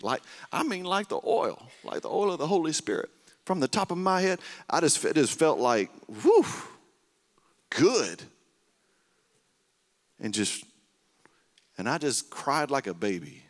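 A male pastor, preaching a sermon and telling stories, swinging between loud bursts and hushed, tender lines. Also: medium pitch. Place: church sanctuary. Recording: reverberant church hall.

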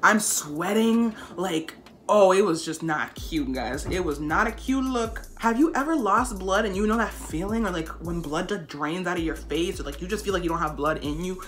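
A woman's voice: on the low side, lively intonation, a little fast, hardly any pauses, soft background music. A young woman telling a storytime straight to camera in a casual, chatty way, leaning on "like" as she talks to her viewers. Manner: chatty, says "like" often, speaks straight to viewers. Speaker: vlogger.

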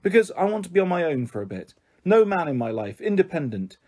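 A man voicing a cheerful, pushy mother who talks warmly and coaxingly in a storybook reading. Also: sits high, very animated, quick pace.

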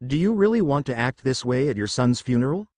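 A man reading the lines of a giant, gentle father who calmly reprimands his daughter. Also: mid-range voice, fairly quick, dry recording, studio quality, lightly acted. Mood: stern. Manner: calm, reprimanding.

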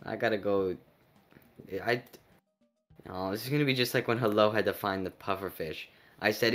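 A man's voice: on the low side, moderate pace, long pauses, fairly bright tone, soft background music. Goofy joking man from Canada. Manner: goofy and joking, gives directions. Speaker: streamer playing with friends. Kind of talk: casual gaming chat.

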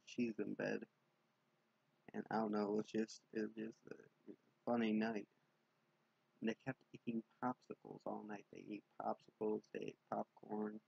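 A young man telling a rambling late-night vlog story, casual and sweary, in a dark room at home. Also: on the low side, little pitch movement, moderate pace, vocal fry, husky, muffled recording. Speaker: vlogger.

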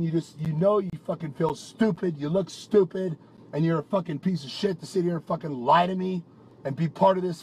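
High-voiced man ranting in anger. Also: breathy edge. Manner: angry, profane, ranting and accusing. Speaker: partner in a private argument. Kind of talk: heated private argument.

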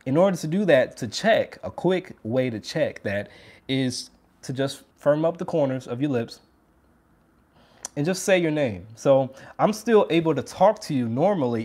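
A man's voice: mid-range voice, darkish tone. Upbeat man teaching trumpet. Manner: upbeat, demonstrates by putting on strained voices. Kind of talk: casual video lesson.

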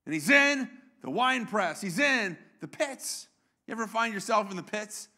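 Man, pastor, high voice, bright tone, playful sermon, asks the crowd questions. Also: animated, moderate pace. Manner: playful, engages congregation with questions. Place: church.

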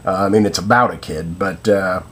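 A man's voice: low-pitched, steady tone, normal speed, fairly bright tone, breathy edge. A man giving a casual spoken film review, hesitant and full of fillers and restarts.

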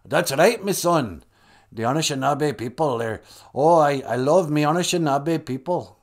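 A man's voice: on the high side, lively intonation, moderate pace, pitched above the performer's own voice. A man voicing a jolly male great spirit with a put-on Irish accent, hearty and fatherly.

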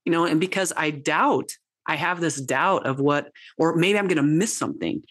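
A woman's voice: low-pitched, normal speed, dry recording, studio quality. A woman in her fifties, a coach talking as a podcast guest in a rambling, self-deprecating way with lots of restarts. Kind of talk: casual interview chat.

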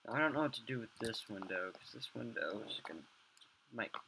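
A man's voice: mid-range voice, animated, a little fast, creaky. A young man swearing and muttering to himself as he builds in a game, rambling casual commentary. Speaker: gamer. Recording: loud background noise, mouse clicks.

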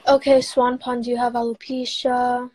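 A woman's voice: a little high, flat delivery, normal speed, background noise. A teenage girl hosting a casual livestream chat on a video call, teasing and giggly. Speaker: livestream host.

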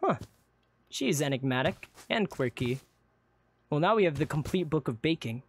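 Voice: mid-range voice, lively intonation, normal speed, dry recording. A streamer playing through a live game roleplay, stammering and rambling with lots of fillers. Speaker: streamer and player character.

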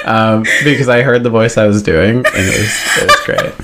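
A man's voice: on the low side, normal speed, heavy background noise. A man co-hosting a casual podcast, joking and laughing through the banter, on a close mic. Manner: joking, laughs often, many fillers. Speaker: podcast co-host.

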